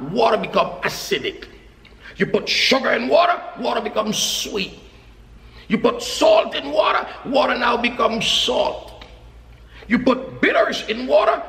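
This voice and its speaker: A man preaching in a very high, bright voice that swings widely in pitch and turns gravelly at times. He drives his points home through repetition and frequent shouting. The sound carries the long echo of a large hall. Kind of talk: sermon. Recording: echoey hall with long reverb.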